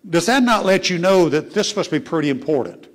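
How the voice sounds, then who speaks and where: A man preaching a sermon as a pastor, who swings between emphatic rises and hushed asides and asks his congregation questions. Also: fairly high pitch, animated, a little fast. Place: church sanctuary.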